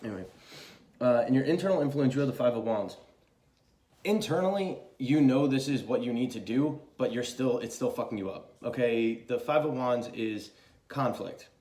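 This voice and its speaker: A young man talks through a tarot reading in a relaxed, rambling way, cursing freely and circling back on his words. His voice sits at an ordinary middle pitch. The sound carries a noticeable room echo. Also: moderate pace. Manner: loose and chatty, swears freely, many fillers. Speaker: tarot reader. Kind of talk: casual spoken tarot reading.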